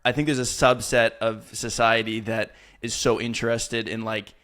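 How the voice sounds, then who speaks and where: A man's voice: mid-range voice, level tone, moderate pace, a bit bright. A man hosting a podcast interview, relating to his guest and laughing easily as he talks. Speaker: podcast host.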